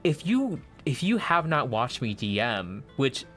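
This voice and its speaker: A man chatting as the game master of a tabletop show. His talk is animated and he swears freely. His pitch sits in the middle range, and faint music plays under the conversation. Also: measured pace. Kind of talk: casual podcast chat.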